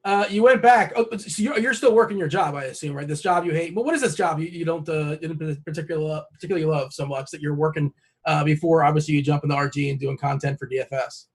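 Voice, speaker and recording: A male podcast host who talks quickly in a high voice, firing off questions and playful teasing jabs at his guest. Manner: joking, teasing interviewer. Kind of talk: casual interview chat.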